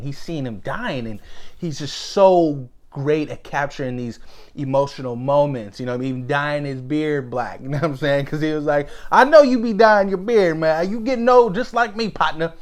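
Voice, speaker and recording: A man giving a casual, excitable movie review, swearing freely and laughing as he retells scenes. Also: fairly high pitch. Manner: excitable, profane, laughs often, quotes scenes in animated bursts.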